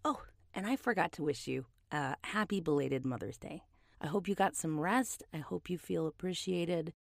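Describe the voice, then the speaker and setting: A woman hosting a podcast, giving a low-key, reassuring introduction to the episode. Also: normal speed, creaky, no echo, clean studio sound. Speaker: podcast host.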